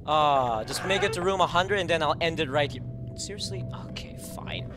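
Man, high register, horror let's play host, frequent frantic yelling, game music underneath. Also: a little fast. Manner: frequent panicked screaming and yelling. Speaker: gameplay video creator.

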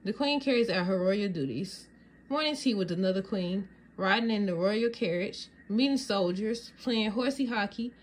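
A woman reads a children's storybook aloud and sounds amused by it. Her voice sits at an ordinary middle pitch, with faint background noise. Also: animated, moderate pace. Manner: amused, laughs often. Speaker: storybook reader. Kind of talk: reading a children's book aloud.

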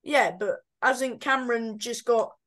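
Chatty woman with a higher voice. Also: steady tone, unhurried, fairly bright tone. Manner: chatty, hesitant, self-correcting. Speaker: boxing pundit co-host. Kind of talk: casual fight predictions chat.

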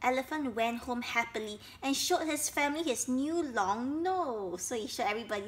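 A woman's voice: fairly high pitch, lively intonation. A woman reading a children's story aloud, stopping often to explain it simply for young listeners. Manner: slow, explains each step for young listeners.

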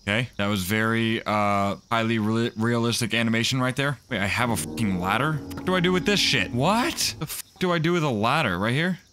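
A man's voice: mid-range voice, a little fast, hardly any pauses, bright, forceful tone, a little hiss or hum. A young man commentating a horror game as he plays, cursing constantly and yelping when startled. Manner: profane, jumpy, screams at jump scares. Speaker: gaming youtuber.

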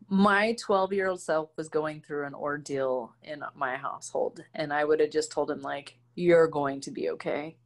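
A woman speaking as an interview guest in a casual conversation, candid and expressive as she tells personal stories. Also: sits low, unhurried. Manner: candid and expressive, animated storytelling.

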